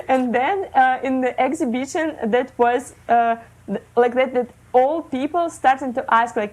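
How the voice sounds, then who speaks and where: Russian-born woman, 30s, non-native English, slightly high, slow and halting, interview guest. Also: rough recording. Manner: hesitant, many fillers, non-native phrasing. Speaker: guest, illustrator. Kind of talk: casual interview talk. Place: living in Germany.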